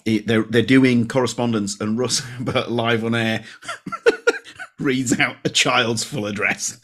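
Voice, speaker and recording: A man co-hosts a comedy podcast in a relaxed, chatty way. His voice sits at an ordinary middle pitch, and he reads listener emails aloud with self-deprecating asides. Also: takes it slowly. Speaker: podcast co-host. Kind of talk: casual podcast chat.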